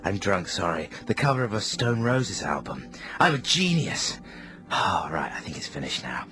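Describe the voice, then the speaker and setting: A man's voice: sits low, sing-song, normal speed, heavily acted. A man with a British accent putting on a drunk, angry male film actor in a comedy bit on the radio. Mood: drunk, shouting. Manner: muttering, then yelling theatrically.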